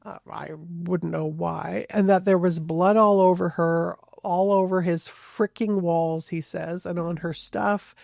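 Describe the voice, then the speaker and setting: A podcast host tells a true crime case in a loose, chatty way, often hedging and backing up mid-sentence. The voice has a gravelly, fry-heavy texture. The recording is dry and close, with no room sound. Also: medium pitch, fairly even intonation, unhurried, hardly any pauses, a little mellow, dry recording. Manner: conversational, hedging, frequent restarts. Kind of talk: casual true crime narration.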